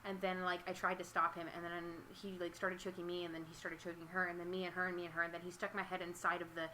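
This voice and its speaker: A woman's voice: on the low side, little pitch movement, fast, pushed and bright, a little hiss or hum, rough recording. A young woman as a podcast guest, chatting and telling stories in a rambling way. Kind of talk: casual chat.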